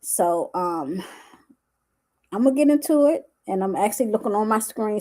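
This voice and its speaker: A woman's voice: mid-range voice, warm tone. Emotional woman live-streaming. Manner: emotional, tearful, halting. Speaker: wellness coach.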